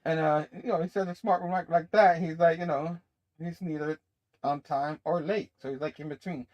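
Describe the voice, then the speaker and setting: Male comic review host, high voice, excited, lo-fi sound. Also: moderate pace. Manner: enthusiastic, laughs often.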